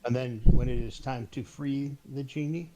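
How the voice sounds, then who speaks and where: A man's voice: mid-range voice, steady tone, normal speed, mellow. A man playing in a tabletop game, speaking in a brief, matter-of-fact way. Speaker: player. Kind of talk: casual tabletop play.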